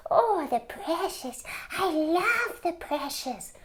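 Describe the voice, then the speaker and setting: A woman's voice: very high-pitched, very animated, a bit bright, voice pushed up, exaggerated voice. A greedy, treasure-obsessed creature whines in a voice pushed well above the speaker's own, as a woman puts him on, dragging out every word. It sounds slightly set back from the microphone. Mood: obsessive. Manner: whiny, obsessive, drawn-out. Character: Smeagol, hissing greedy creature craving treasure.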